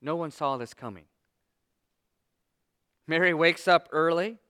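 Male pastor, higher-pitched voice, emphatic sermon delivery with scripture reading. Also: measured pace, fairly bright tone, clean tone. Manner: reads scripture, then preaches with emphatic retelling.

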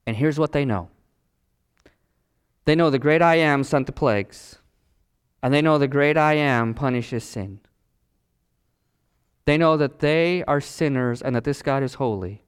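A middle-aged male pastor preaching a sermon dramatically, with long pauses and big swings in pitch. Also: clear, resonant tone.

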